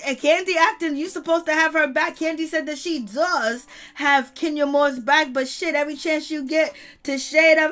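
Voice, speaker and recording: A woman's voice: high-pitched, fairly bright tone. A woman giving blunt, sassy casual commentary on a reality show, laughing often and talking straight to her live chat.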